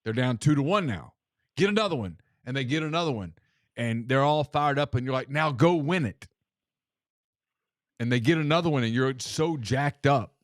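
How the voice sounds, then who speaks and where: A middle-aged man, co-hosting a casual radio call-in show and telling stories in an animated way, often repeating himself. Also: medium pitch, a little fast, dry recording, clean studio sound. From American South. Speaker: co-host.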